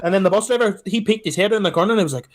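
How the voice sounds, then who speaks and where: A man with a Scottish accent, co-hosting a podcast and telling a travel story in casual, animated chat that is peppered with swearing. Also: sits high, racing. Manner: animated storyteller, swears, repeats "let me tell you something". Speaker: podcast co-host.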